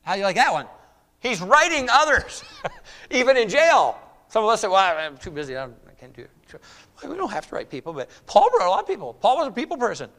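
A man delivering a sermon with a high, light voice. He preaches emphatically, rising to loud exclamations and dropping to hushed lines, and repeats words and phrases for emphasis. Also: huge pitch swings, fast talker. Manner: emphatic, swings between loud exclamations and hushed near-whispers.

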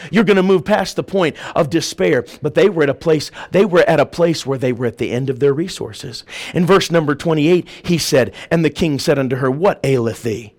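Fiery high-voiced preacher man. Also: lively intonation, a little fast, few pauses. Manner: preaching with rising shouts and sudden drops to a hush. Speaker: pastor. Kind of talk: fiery sermon.

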